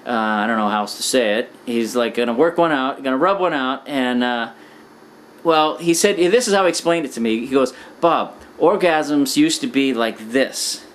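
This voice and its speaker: A man casually telling a rambling anecdote, full of "you know" and "like", acting out quoted lines with sudden pitch jumps. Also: animated, a little fast, a little hiss or hum. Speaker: storyteller.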